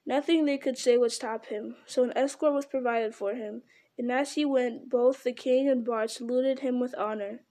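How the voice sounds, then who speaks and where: Casting: woman narrator reading a storybook, mellow and soft-edged, slightly high. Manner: steady, unhurried reading with small slips. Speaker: reader. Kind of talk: storybook read-aloud.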